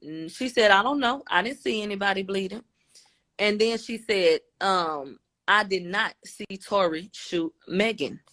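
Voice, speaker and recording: A woman's voice: medium pitch, measured pace, a bit bright. A woman on a phone livestream, casually retelling events and quoting each side back and forth. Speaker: livestream commentator. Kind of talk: casual recap of court testimony. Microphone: phone on a live video stream.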